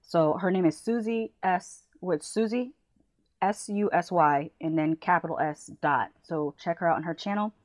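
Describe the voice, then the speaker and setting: Chatty woman with a low voice. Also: moderate pace, dry recording. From United States. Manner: chatty, enthusiastic, giggly. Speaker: movie review YouTuber. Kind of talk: casual channel shout-outs.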